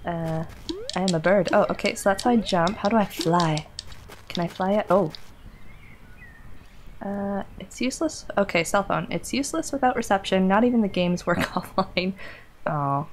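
A woman's voice: mid-range voice, a little hiss or hum. A woman streamer and librarian in casual live-stream chat while gaming, chatty, laughing often and reading chat aloud.

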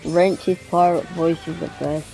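A woman giving casual gameplay commentary, excitable and self-deprecating, often exclaiming. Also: lowish voice, a little slow, gravelly, soft background music. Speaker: gamer.

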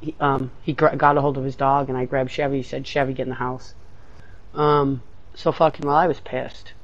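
In a muffled recording, a medium-pitched man talks a little fast with little pitch movement. He is a co-player in a casual gaming chat, swearing nonstop, rambling through a long story, and shouting when he loses.

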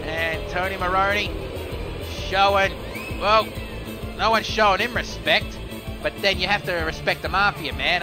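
Guy calling wrestling matches live, high voice, jokey and a bit sweary, music in the background. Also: normal speed. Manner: excitable, joking, swears casually. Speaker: wrestling commentator. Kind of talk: live play-by-play commentary of a simulated wrestling show. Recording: music playing behind.

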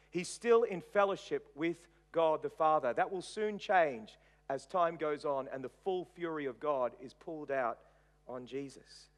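A man preaching a sermon as pastor. He retells dramatically, swinging between loud emphasis and hushed softness. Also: high voice.

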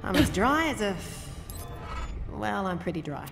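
A woman voicing an energetic, cheeky young mechanic, chirpy and slangy. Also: medium pitch, unhurried, gravelly, soft background music. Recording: game audio with noise and reverb.

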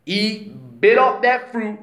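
A man giving a slow, emphatic, conversational religious talk as a vlogger, often checking in with his listener. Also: sits high, fairly even intonation, fairly bright tone, slight background noise. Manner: slow, emphatic, conversational, says "you know what I'm saying". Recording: roomy echo.

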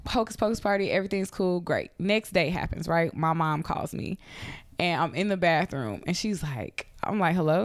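A woman's voice: on the low side, moderate pace, no echo. A young woman hosting a podcast, telling a story in casual chat and acting out the voices of the people in it. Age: young adult. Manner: animated, acts out quoted voices, laughs often. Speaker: podcast host. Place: Atlanta.

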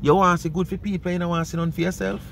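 A man's voice: high-pitched, level tone, racing, creaky, a bit bright, a little hiss or hum. A man with a Jamaican accent speaking patois, hosting casual commentary in an emphatic, repetitive way. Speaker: commentary channel host.

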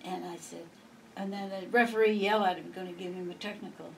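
A woman's voice: on the low side, steady tone, quick pace, creaky. An older woman being interviewed, reminiscing in a chatty, rambling way and laughing often. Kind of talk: reminiscing storytelling. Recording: distant mic, faint background noise.

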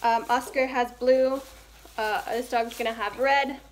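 A woman's voice: fairly high pitch, fairly even intonation, a little slow, slight background noise. A young woman talking casually and upbeat in a home vlog, recorded at home. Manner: chatty, upbeat, scolding the dog in between. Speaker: vlogger. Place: at home indoors.

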